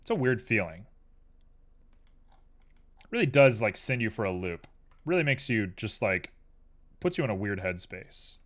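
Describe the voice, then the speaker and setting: A man's voice: on the low side, big pitch swings, measured pace, long pauses, fairly bright tone. Drowsy rambling male streamer. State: tired. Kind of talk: casual live-stream chat while 3D modeling.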